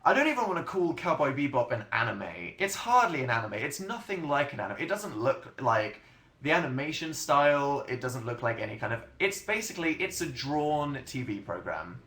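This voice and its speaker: A man's voice: mid-range voice, sing-song, moderate pace, pushed and bright. Chatty English man live-streaming from his room. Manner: rambling, self-mocking, chatty with frequent laughs. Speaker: livestream host answering chat. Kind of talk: casual livestream chat. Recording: roomy home webcam sound.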